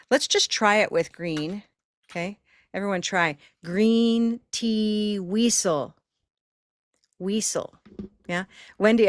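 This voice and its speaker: A woman's voice: lowish voice, a bit bright, dry recording, clean studio sound. Encouraging woman teaching over a video call. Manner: encouraging, stretches words slowly to demonstrate sounds. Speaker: pronunciation teacher. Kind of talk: live online class.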